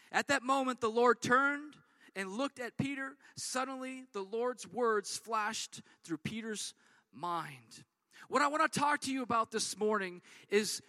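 High bright-voiced male preacher, casual. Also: no room sound. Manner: conversational preaching, acting out voices in slang. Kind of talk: sermon.

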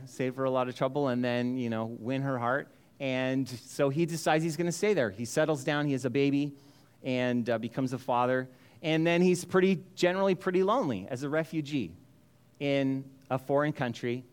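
A man's voice: medium pitch, a little mellow, clean tone. A male pastor telling a story in a sermon, casual and joking, with many restarts.

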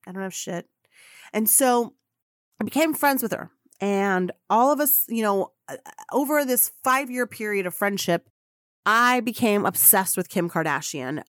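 A middle-aged woman hosts a podcast alone and talks straight into a close microphone. She swears freely and sounds fired up and chatty as she tells her own story. Her voice sits at a middle pitch, and the recording is dry with no room sound. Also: lively intonation, unhurried, fairly bright tone, no room sound. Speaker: podcast host. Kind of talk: motivational storytelling monologue.

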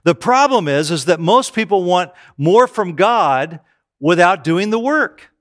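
A man's voice: sits high, expressive, a little slow, a bit bright. A middle-aged man preaching a sermon, telling self-deprecating stories to his congregation. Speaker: pastor.

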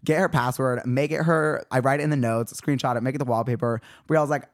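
A man's voice: quick pace, hardly any pauses. A young man in his twenties, hosting a podcast and telling a story in casual chat, acting out the quotes. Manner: animated storyteller, acts out quotes with big pitch jumps. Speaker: podcast host.

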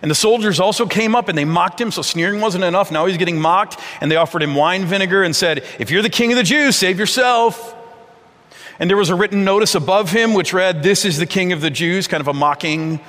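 A man's voice: high-pitched, fast, few pauses, fairly bright tone. A man preaching a sermon as a pastor, earnest and conversational, often restarting his words. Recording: long reverb of a large hall.

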